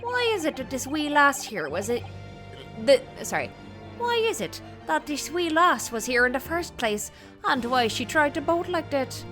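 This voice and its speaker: A woman's voice: high voice, very animated, normal speed, a bit bright, soft background music, pitched above the performer's own voice. A woman voicing a jovial older Irish man telling a story, with a put-on Irish accent. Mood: storytelling. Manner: folksy, spins a yarn. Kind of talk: voicing game dialogue aloud.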